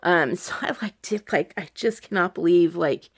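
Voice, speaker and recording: A woman's voice: on the low side, moderate pace. A woman talking to her followers in a personal video diary, anxious and close to tears, rambling with many fillers. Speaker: vlogger. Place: indoors at home.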